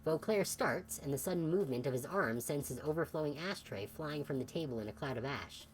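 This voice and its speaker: Low-voiced casual woman streamer. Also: lively intonation, a little fast, few pauses, low-quality recording. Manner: casual and musing, narrating scenes aloud. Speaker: streamer playing a video game. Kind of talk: let's play commentary and narration.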